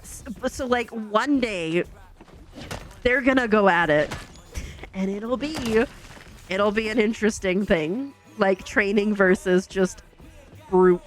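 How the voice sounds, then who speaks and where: A woman's voice: medium pitch, slow, long pauses, soft background music. A woman streamer telling a long family story in casual, chatty talk full of fillers.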